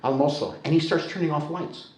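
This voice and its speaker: Before a live crowd in an echoey storytelling center hall, an older man from the United States spins a humorous personal story in animated, conversational talk at normal speed. His voice runs slightly high for a man.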